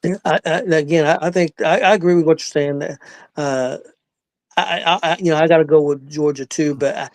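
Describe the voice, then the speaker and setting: A man's voice: a little high, steady tone, a little fast, no echo. A man co-hosting a sports podcast, stammering and hesitant as he gives his take. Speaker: co-host. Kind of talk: casual sports podcast banter.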